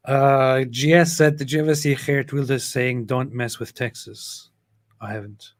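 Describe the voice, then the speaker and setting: Deadpan male co-host reading chat aloud, mid-range voice, dry and close sound. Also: medium pitch, measured pace, no room sound. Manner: reads chat comments aloud with deadpan sarcasm. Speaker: livestream co-host reading viewer comments. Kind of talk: casual live chat.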